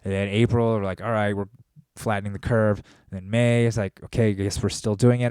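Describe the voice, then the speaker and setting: A man hosting a podcast, delivering a profane, rambling, animated monologue. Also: fairly low pitch, brisk, smooth, dry recording, clean studio sound. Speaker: podcast host. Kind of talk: casual monologue.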